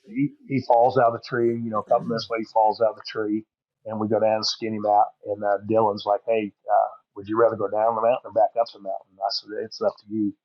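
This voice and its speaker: A middle-aged man with a low voice tells a story in a rambling, folksy way, full of fillers. The recording is dry and a little dull, with no room sound. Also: little pitch movement, fast, no echo. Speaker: podcast guest. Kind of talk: casual storytelling.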